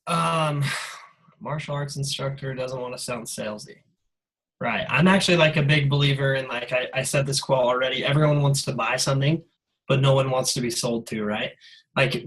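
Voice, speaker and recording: A man giving an energetic, casual motivational talk on a sales call, full of "like" and "you guys.". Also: medium pitch, moderate pace, low-quality recording. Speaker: guest speaker on a sales call.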